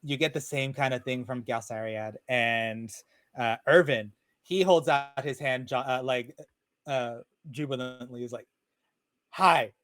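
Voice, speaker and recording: A man narrating as game master of a tabletop game, talking in a relaxed, rambling way with many fillers over a video call. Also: medium pitch, measured pace, dry recording. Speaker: dungeon master.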